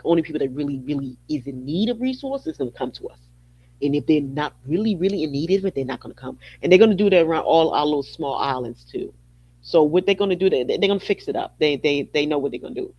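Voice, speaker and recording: A woman's voice: low-pitched, husky, no echo. Woman podcast host, casual mocking monologue, laughs a lot, repeats lines; dull lo-fi sound, dry and close.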